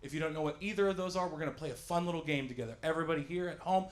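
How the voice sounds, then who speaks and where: A man in his thirties doing a stand-up set on a small stage, self-mocking and often yelling his punchlines. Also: fairly high pitch, rapid-fire. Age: 30s. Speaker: stand-up comic and emcee. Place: small studio stage with live audience.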